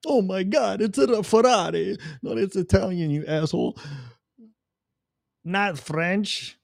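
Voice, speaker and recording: A man doing a high, shrill impression of a pompous, indignant European elite man who threatens people. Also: lively intonation, normal speed, fairly bright tone, no room sound, studio quality. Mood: excited.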